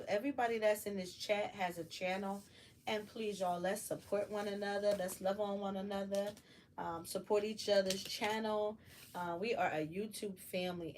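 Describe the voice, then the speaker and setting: A middle-aged woman chats on a late-night livestream, greeting viewers by name in an easy, talkative way. Her voice sits at an average pitch. A faint room hum stays underneath. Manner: chatty, warm toward viewers, loud laughing bursts. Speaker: livestream host. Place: home while crafting.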